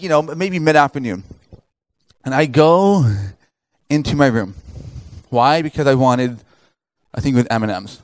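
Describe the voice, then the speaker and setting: A man speaking at a camp, telling a funny story in a lively way with many fillers and laughs before turning it into a sermon. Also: a little high, no echo. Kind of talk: humorous sermon to campers.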